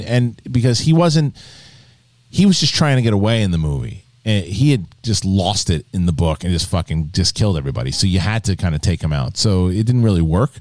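Animated man hosting a panel show. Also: on the low side, no room sound. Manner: animated storytelling, swears, laughs often. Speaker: podcast host. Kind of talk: casual panel chat.

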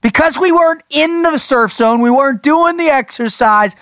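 A man hosting a podcast, telling stories in a casual, excitable way. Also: very high voice, moderate pace, no room sound, clean studio sound. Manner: excitable, animated storyteller. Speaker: podcast host. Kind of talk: casual chat and storytelling.

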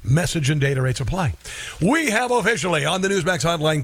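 Joking talk radio host, higher male voice. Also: animated, fast, fairly bright tone. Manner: folksy, joking, emphatic. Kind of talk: talk radio, ad read and interview.

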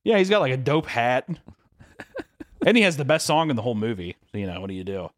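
A young man co-hosting a podcast in casual chat, animated and profane, often acting out voices. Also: mid-range voice, a little fast, no room sound. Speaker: podcast co-host.

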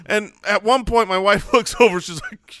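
A man co-hosting a comedy podcast, telling stories in an animated, exaggerated way. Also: high-pitched, moderate pace, noisy background. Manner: animated, exaggerated storytelling with laughs. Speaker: podcast co-host. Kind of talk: casual comedic chat.

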